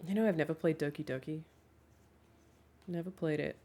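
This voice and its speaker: A woman's voice: deep voice, a little fast, warm tone. A woman streamer chatting casually, laughing often and rambling through asides.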